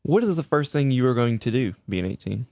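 A man's voice: mid-range voice, expressive, fairly quick, a little mellow, no echo. Easygoing male podcast host. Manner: easygoing, asks leading questions. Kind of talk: casual interview.

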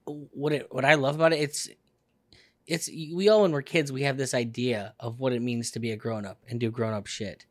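A man guesting on a movie podcast, relaxed and jokey in casual chat. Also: medium pitch, normal speed, no room sound, clean studio sound.

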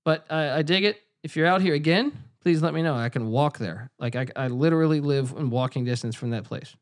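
A man's voice: fairly high pitch, brisk. A man hosting a casual podcast, telling stories in a rambling, profane way with lots of fillers. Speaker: podcast host. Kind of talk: casual chat.

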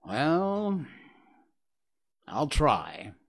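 A man's voice: on the high side, wildly swooping pitch, drawn-out words, gravelly, pitched above the performer's own voice, heavily acted. Man doing a kindly mother stork. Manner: matter-of-fact, kindly. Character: kind mother stork, helpful and brisk.

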